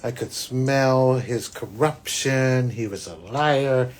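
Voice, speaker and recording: A man, a psychic hosting his own show, telling a personal story in a rambling, restarting way that swings between loud and hushed. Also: mid-range voice, slow, hardly any pauses. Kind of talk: spiritual podcast monologue, personal storytelling.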